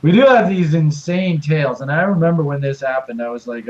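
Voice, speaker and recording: A man's voice: medium pitch, brisk, hardly any pauses, darkish tone. Chatty man on a muffled call. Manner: chatty, hedging, jumps between points. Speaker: co-host crypto trading commentator. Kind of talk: casual chart analysis talk.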